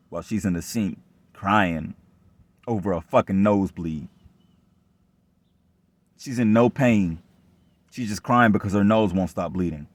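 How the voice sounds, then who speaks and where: A young man speaks in a fairly low voice, venting in a loose, rambling monologue full of profanity. He circles back and repeats himself often. His tone stays aggrieved and distrustful throughout. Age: young adult. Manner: rambling and repetitive, heavy profanity. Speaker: vlogger telling his own story. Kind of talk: casual rant monologue.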